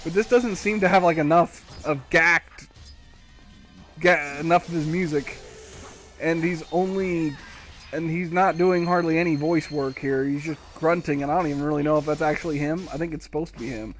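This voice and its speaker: With faint music in the background, a man on the high side talks at a moderate pace while streaming a game live. He mutters casual, wry commentary to himself throughout.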